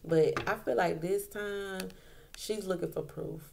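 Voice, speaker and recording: A woman's voice: mid-range voice, slow pace, creaky. A woman doing a casual tarot reading, talking in a colloquial way and repeating her points for emphasis. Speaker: tarot reader.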